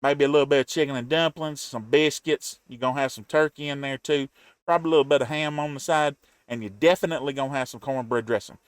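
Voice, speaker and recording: Southern US male host, folksy and playful, dry close mic, mid pitch. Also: steady tone, fast, smooth, no echo. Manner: chatty, folksy, playful asides. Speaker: reaction video host. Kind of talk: casual reaction commentary.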